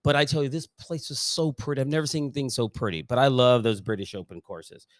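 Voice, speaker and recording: A man's voice: mid-range voice, steady tone, fast talker, no echo, studio quality. A man co-hosting a casual golf podcast, enthusiastic and rambling, often trailing off mid-thought. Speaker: podcast co-host.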